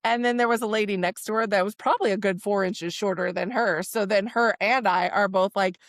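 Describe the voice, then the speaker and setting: Animated woman telling stories on a podcast. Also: mid-range voice, fairly quick, dry recording, studio quality. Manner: animated storyteller who acts out quoted voices; swears casually. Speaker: podcast co-host. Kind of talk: casual chat.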